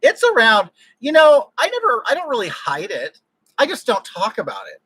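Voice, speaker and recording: Man, high voice, casual livestream chat, gushing and exclamatory, close dry sound. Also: wildly swooping pitch, normal speed, pushed and bright, slightly rough, no echo, rough recording. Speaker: livestream host. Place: home room with air conditioning. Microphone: desk microphone.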